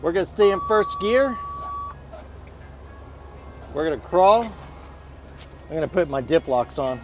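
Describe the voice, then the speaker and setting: A man with a high, lively voice narrates his gameplay live, cursing freely as things go wrong. His talk swoops up into sharp outbursts and back down. Game music plays clearly behind him. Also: slow pace. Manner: swears often, exasperated outbursts. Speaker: streamer.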